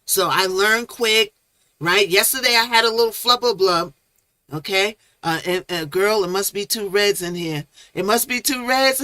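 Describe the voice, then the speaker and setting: Woman w/ doing a chatty live stream, bright sharp voice, dry close sound. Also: mid-range voice, a little slow, no room sound. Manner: chatty, reads chat names aloud, playful made-up words. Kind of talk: casual live-stream commentary.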